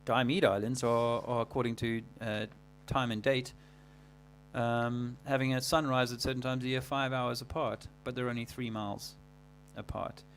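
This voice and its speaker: A man hosting a livestream, talking casually in a rambling, halting way full of fillers and restarts. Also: mid-range voice, flat delivery, slight background noise. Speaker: livestream host.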